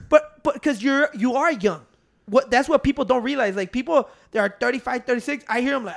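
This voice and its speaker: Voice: sits high, brisk, vocal fry. A speaker in their thirties rambling casually, laid-back and profane. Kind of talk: casual chat.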